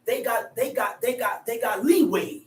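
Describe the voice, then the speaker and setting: A man preaching on justice, loud and emphatic, often repeating words as he drives his point home. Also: very high-pitched, normal speed, faint music behind. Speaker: teacher. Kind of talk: street preaching. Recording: echoey, distant mic.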